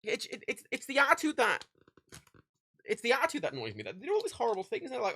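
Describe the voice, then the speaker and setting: Swearing man, gravelly lively voice. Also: extremely high pitch, fast talker, pauses often. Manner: profane, ranting, laughs often. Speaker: livestreamer. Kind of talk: casual livestream chat while packing orders.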